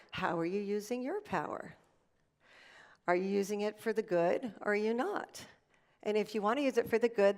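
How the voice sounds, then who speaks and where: A middle-aged woman delivers a motivational speech from a stage in a fairly high voice. She tells stories with emphasis and keeps coming back to the same catchphrases. It is lively, persuasive public speaking. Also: big-room sound. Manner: emphatic, storytelling, repeats key phrases. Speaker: keynote speaker. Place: event stage before an audience.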